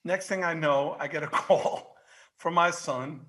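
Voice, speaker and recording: Animated, bright-voiced New York man. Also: a little high, measured pace. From Queens, New York. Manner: animated storyteller, swears freely, shouts when worked up. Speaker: guest. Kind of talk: casual podcast chat.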